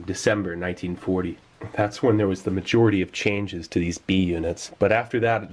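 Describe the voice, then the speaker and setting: A man's voice: on the low side, a little mellow. A man giving casual, enthusiastic commentary while tasting old rations, sometimes talking with his mouth full. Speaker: food tasting vlogger.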